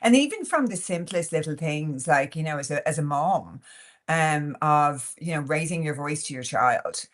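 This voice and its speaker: Irish woman guest on an interview podcast, fairly low voice, open and lively, talks in loose spoken sentences. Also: moderate pace. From Ireland. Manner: frank and animated, laughing often, many "like" and "you know" fillers. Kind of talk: candid conversational interview.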